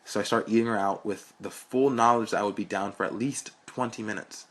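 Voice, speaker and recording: A man's voice: fairly low pitch, fairly even intonation, brisk. A young man reading a story aloud in a frank, blunt, profane way. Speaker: narrator.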